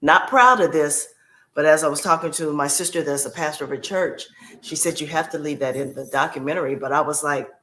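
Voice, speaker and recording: A woman's voice: deep voice, a little fast, a bit bright. Heartfelt woman telling her story. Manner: heartfelt, repeats key phrases for emphasis. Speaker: podcast guest, former caregiver. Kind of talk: personal storytelling in conversation.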